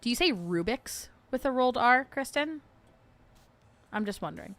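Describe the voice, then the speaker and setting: A woman's voice: fairly high pitch, expressive, normal speed, fairly bright tone. A young adult woman hosting a casual livestream, chatty and playful, laughing often as she rants about food. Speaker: podcast host.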